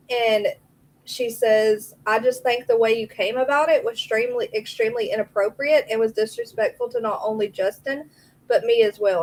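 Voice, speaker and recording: A woman's voice: a little high, low-quality recording. A woman hosting a true crime live stream, chatting casually, answering viewers by name and reading messages aloud.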